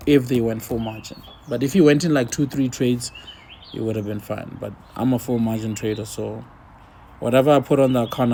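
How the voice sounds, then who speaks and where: Gravelly, laid-back man talking trades. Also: mid-range voice, dark tone, a little hiss or hum. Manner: laid-back, talks to himself while watching charts. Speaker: forex trader. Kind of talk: casual screen-share trading commentary.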